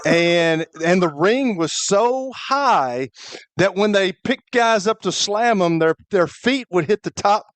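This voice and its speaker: A man co-hosts sports radio in a high voice. He tells a childhood story, stumbling and restarting his sentences, and the sound is dry. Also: animated, takes it slowly, no room sound. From Fayetteville, Tennessee. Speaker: radio co-host, former football player.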